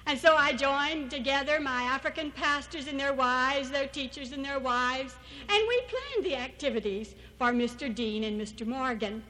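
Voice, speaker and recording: A woman's voice: high voice, normal speed, sharp tone, poor audio. A woman giving an anecdotal church talk as a missionary speaker, storytelling and acting out the people she quotes.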